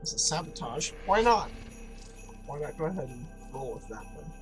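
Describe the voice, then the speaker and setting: A man's voice: on the high side, sing-song, normal speed, over music, low-quality recording. A man giving casual, rambling let's-play commentary, joking, laughing and swearing now and then. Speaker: gaming commentator.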